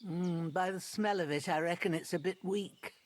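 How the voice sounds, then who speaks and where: An actor voicing a kindly herbalist in a video game who gently guides a helper through brewing a potion in a plain, encouraging way. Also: medium pitch, moderate pace, natural voice. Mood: calm.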